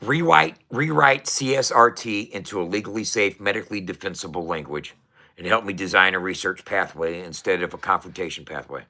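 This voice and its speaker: A man talking casually to camera, profane and excitable, often restarting his sentences. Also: low voice, brisk. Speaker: vlogger.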